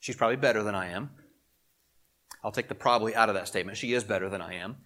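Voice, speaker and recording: A middle-aged man preaching a sermon in a conversational way, swelling to emphasis and dropping to quiet asides. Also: fairly low pitch, fast talker. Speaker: pastor.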